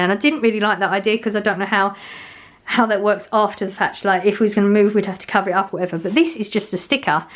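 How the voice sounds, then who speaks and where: A middle-aged woman, chatting casually to camera in a rambling way, with many fillers and restarts. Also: mid-range voice. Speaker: vlogger.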